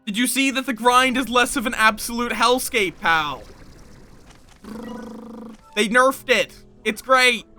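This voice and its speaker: Guy streaming a game, high bright voice, slow rambly playful chatter, quiet music behind. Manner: rambling, playful, self-deprecating, chats with viewers. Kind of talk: casual livestream chat over gameplay.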